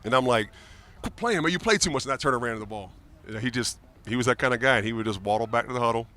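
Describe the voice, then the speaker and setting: A man in his forties, a retired football player, telling lively, joking stories as a guest in a casual interview. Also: mid-range voice, racing.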